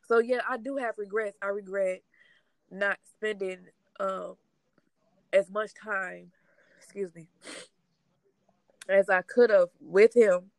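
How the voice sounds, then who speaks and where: A woman speaking in a halting, tearful way, sharing her grief in a casual conversation. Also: medium pitch, steady tone, no room sound, poor audio. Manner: halting, tearful, trying not to cry. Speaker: grieving sister sharing her story.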